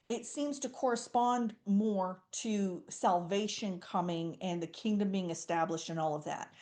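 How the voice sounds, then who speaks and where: A woman teaching a Bible study lesson, lively and conversational, acting out quoted dialogue as she explains. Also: a little high. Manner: animated, acts out quoted dialogue.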